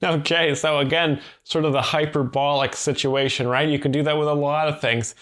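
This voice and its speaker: A man in a dry, deadpan tone, explaining comedy jokes in an over-literal way as a parody expert. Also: fairly high pitch, moderate pace. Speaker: mock joke explainer.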